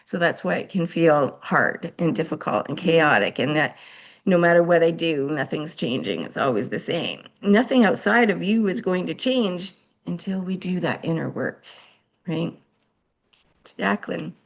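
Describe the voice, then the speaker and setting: A woman's voice: fairly low pitch, animated, normal speed, vocal fry. A woman hosting a group conversation, encouraging and inviting others to share. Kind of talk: casual conversation.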